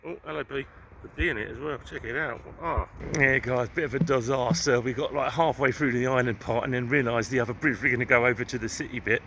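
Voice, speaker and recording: A man's voice: medium pitch, fast. An English man from England vlogging his travels while walking around, chatty and grumbling, with mild swearing and frequent chuckles. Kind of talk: casual walking vlog. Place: city streets outdoors. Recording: loud street and traffic noise.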